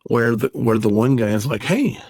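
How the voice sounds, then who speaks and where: A man's voice: mid-range voice, steady tone, fairly quick, creaky, a little mellow, no room sound. A man in his thirties, a gaming YouTuber, ranting in a casual vlog, rambling, exasperated and sarcastic.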